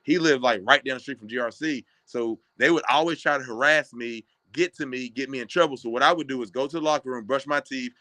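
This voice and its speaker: A man's voice: medium pitch, quick pace, few pauses, no room sound. A man in his thirties from Kentucky, a former basketball player telling stories as a podcast guest and acting out what others said. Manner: animated, acts out other people's lines. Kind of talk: casual storytelling. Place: podcast studio.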